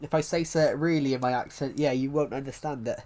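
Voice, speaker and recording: A man's voice: mid-range voice, a little fast, darkish tone. A young man with a blocked nose, chatting casually on a live stream, rambling, restarting his sentences and swearing.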